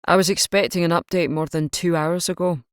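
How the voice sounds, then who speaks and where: A woman voicing a gruff, sarcastic male Scottish police chief with a Scottish accent in an audiobook reading. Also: on the low side, steady tone, brisk, no echo, studio quality, lightly acted. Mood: stern.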